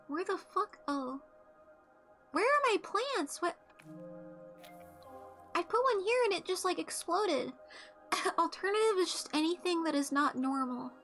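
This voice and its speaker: A woman's voice: very high voice, fairly bright tone. A young woman streaming a game while telling stories in a blunt, profane, casual way.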